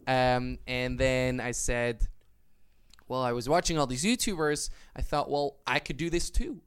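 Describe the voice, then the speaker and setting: Young man, 20s, interview guest. Clear, resonant voice, mid pitch; eager, rambling storyteller. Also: a little slow, fairly bright tone. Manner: eager, storytelling, with many fillers and restarts. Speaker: guest YouTuber. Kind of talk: casual interview chat.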